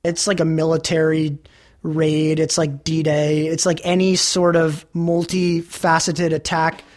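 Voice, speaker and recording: A man's voice: a little high, flat delivery, measured pace. A young man in his late teens, speaking casually in an interview, chatty and full of "like" fillers.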